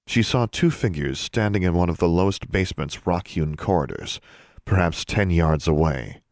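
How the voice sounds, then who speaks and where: A man narrating a fantasy audiobook in a measured, suspenseful storytelling manner. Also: low voice, a little mellow, dry recording, studio quality.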